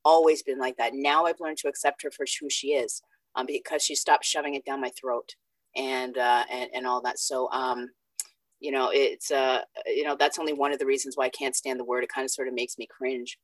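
A woman with a strikingly deep, low voice speaks in a personal share at a recovery meeting. She is blunt and self-mocking, with frank profanity. The sound is dry and close, over a video call. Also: flat delivery, fairly quick, no room sound, poor audio. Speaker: recovery meeting member sharing.

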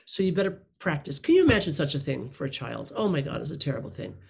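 A woman's voice: sits low, wildly swooping pitch, fast talker, gravelly, darkish tone, slightly rough. Middle-aged woman, candid rambling testimony, speaking to a room. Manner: candid, rambling, self-deprecating. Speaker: speaker sharing her story. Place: room with listeners.

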